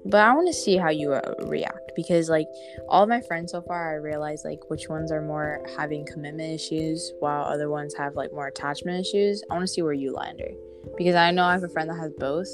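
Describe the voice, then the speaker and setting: A teenage girl co-hosting a casual chat, talking fast and loosely with lots of "like" and acted-out quotes. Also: sits low, music in the background. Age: teens. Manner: chatty, heavy use of "like", animated quoting. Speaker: co-host.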